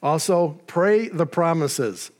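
A male pastor delivering a sermon with a somewhat high-pitched voice. He talks in a relaxed, conversational way, dropping in casual asides. His delivery stays friendly and unhurried. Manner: conversational, with asides and paraphrased dialogue.

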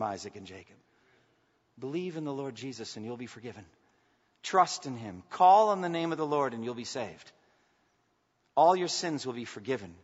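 A man preaching a sermon in a church, swinging from loud emphatic bursts to hushed asides. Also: mid-range voice, lively intonation, normal speed, long pauses. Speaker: pastor. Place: church sanctuary. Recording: muffled sound in a reverberant hall.

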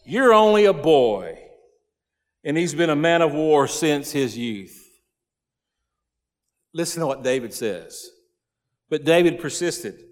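A man preaching a sermon, reading verses and then retelling them in folksy everyday slang. His voice sits high, and a long hall reverb trails each phrase. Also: very animated, takes it slowly, long pauses. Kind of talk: sermon reading and paraphrasing scripture.

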